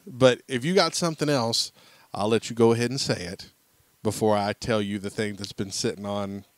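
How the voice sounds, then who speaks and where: A man's voice: lowish voice, moderate pace, dry recording. A man in his thirties co-hosting a podcast, telling a family story and acting out the voices. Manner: animated storyteller acting out quotes. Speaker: podcast co-host. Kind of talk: casual chat, storytelling.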